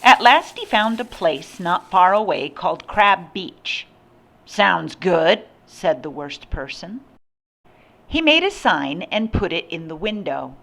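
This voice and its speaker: An older woman reading a picture book aloud with slow, expressive storytelling. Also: lowish voice. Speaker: storybook reader.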